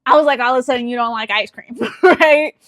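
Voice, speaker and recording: A young woman co-hosting a podcast in casual chat, telling a story with lively acted-out quotes and frequent laughter. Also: a little high, fairly quick, no echo, clean studio sound. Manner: animated storyteller who acts out quoted dialogue and laughs often. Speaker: podcast co-host.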